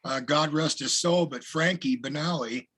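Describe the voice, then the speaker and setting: A middle-aged man, a singer, telling animated stories in a casual interview. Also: on the high side, moderate pace, a loud crowd. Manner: animated anecdotes with profanity. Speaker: guest singer.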